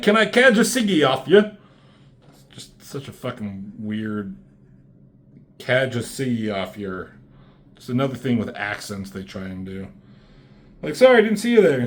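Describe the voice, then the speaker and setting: A man's voice: on the low side, a little hiss or hum. A man giving a casual, rambling comic book review, swearing often and filling gaps with "um" and "like". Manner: rambling, profane, many fillers. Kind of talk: casual commentary.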